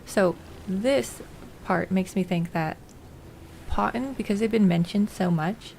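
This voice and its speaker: A woman streamer chatting casually and excitably as she plays, thinking aloud. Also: medium pitch, unhurried, vocal fry. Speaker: game streamer. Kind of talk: casual gameplay commentary. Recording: noisy home recording.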